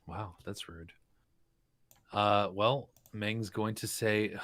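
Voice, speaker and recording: A man playing a tabletop role-playing game, chatting in an animated, joking way. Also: fairly low pitch, slow, long pauses, no room sound. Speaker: player.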